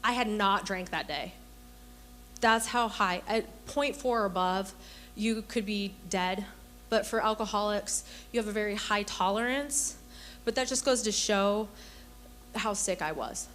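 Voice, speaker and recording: A woman's voice: mid-range voice, unhurried, a bit bright, slight background noise. A young adult woman giving an earnest personal testimony to a women's church gathering, telling stories and acting out the voices in them. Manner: earnest storytelling, acts out quoted voices.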